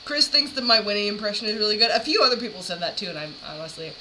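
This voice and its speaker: A woman chatting casually as she reacts to clips, rambling and stacking fillers as she goes. Her voice sits at a middle pitch. The recording carries audible background noise. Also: lively intonation, racing. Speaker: streamer reacting to videos. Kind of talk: casual chat.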